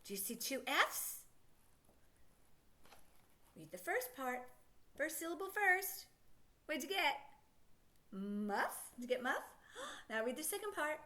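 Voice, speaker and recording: Middle-aged woman teacher, high and animated, coaxing a child through phonics with encouraging questions. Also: slow, pauses often.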